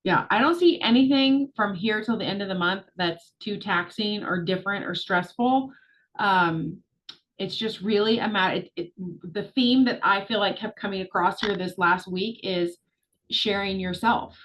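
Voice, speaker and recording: A woman's voice: mid-range voice, moderate pace, a bit bright, poor audio. A middle-aged woman coaching her group on a video call, talking in a chatty, upbeat way with plenty of fillers. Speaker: social media business coach.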